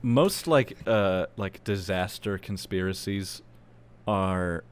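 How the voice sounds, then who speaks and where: A man's voice: deep voice, slow, smooth. A young man co-hosting a podcast, blunt and profane in casual chat. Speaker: podcast co-host.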